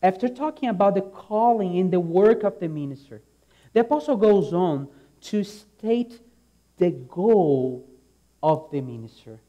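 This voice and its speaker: A preacher with a slightly high voice delivers a sermon slowly and deliberately, his tone warm and mellow. Earnest and emphatic, he often repeats a key phrase and lets the ends of his lines trail off softly.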